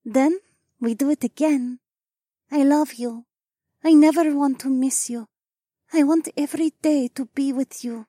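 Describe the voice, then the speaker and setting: Man voicing a soft high-pitched young alien woman. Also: no room sound, clean studio sound. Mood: tender.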